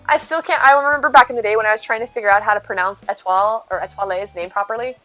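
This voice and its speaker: A woman's voice: medium pitch, rapid-fire, bright, forceful tone. A woman streaming a game, chatting casually, thinking aloud and answering chat as she plays. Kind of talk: casual live-stream chat while gaming. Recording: slightly muffled with faint game music.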